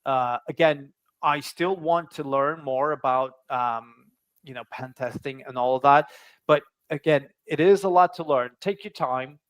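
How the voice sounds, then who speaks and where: A man's voice: mid-range voice, measured pace, dry recording. A man speaking as a guest in a casual interview over a video call. He talks with many fillers and restarts. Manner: hesitant, full of fillers and restarts.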